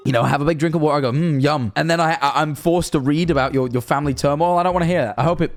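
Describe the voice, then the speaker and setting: A young man giving casual, irreverent commentary as a YouTuber host. He swears often, laughs between jokes and swings his pitch up and down for comic effect. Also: very fast. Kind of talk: casual commentary reading old tweets.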